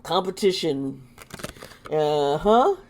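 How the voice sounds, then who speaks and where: A woman with a sore throat doing a casual tarot reading, halting and exclaiming as she turns the cards. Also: sits low, lively intonation, a little hiss or hum. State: sore throat, lozenge in mouth. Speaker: tarot reader and channel host.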